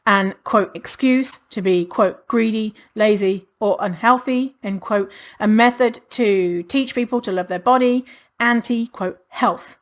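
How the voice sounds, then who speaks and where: A woman's voice: medium pitch, a little slow. A woman hosting a podcast in a casual solo monologue, blunt and sarcastic, swearing freely and laughing often. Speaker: podcast host.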